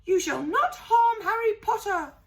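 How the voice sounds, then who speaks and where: A woman reading a storybook aloud, voicing a small, loyal house-elf in a very high, shrill, squeaky voice. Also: expressive, measured pace, fairly bright tone, full character voice. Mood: fierce. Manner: earnest, emphatic, speaks of himself by name.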